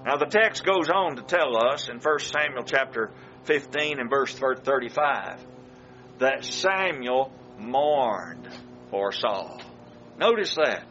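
Slow, emphatic male preacher. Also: high-pitched, fairly bright tone, lo-fi sound, slight background noise. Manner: slow, emphatic delivery with dramatic pauses. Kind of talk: sermon.

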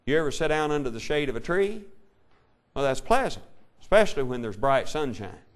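A male preacher delivering a sermon, reading scripture in an old-fashioned cadence and swinging between loud declaration and quiet asides. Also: medium pitch, sing-song, a little fast. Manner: old-style King James reading cadence.

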